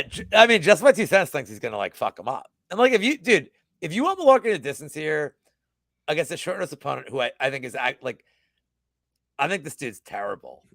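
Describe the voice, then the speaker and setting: A man in his thirties ranting on a livestream, loud and boastful, swearing freely. His pitch swings widely from low grumbles to high outbursts, with a gravelly edge. The sound is close and dry. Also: no echo. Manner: animated, profane, boastful rants. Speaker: sports betting guest. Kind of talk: casual livestream chat.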